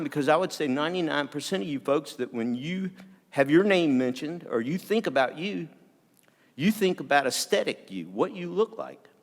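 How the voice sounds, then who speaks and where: A man telling a personal story to an audience in a candid, earnest way, often halting and restarting his sentences. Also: on the high side. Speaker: speaker sharing a personal story. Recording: long hall reverb.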